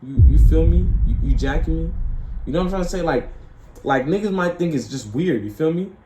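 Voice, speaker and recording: A man's voice: on the high side, animated, fairly quick, roomy sound, noisy background. A man streaming his casual reaction to a clip, talking in loose slang, rambling and asking "you feel me" again and again.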